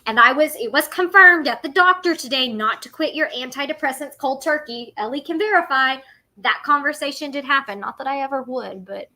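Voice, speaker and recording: A woman hosting a casual livestream chat, talkative and quick to laugh. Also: high voice, bright, forceful tone. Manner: chatty, laughs often. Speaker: livestream host.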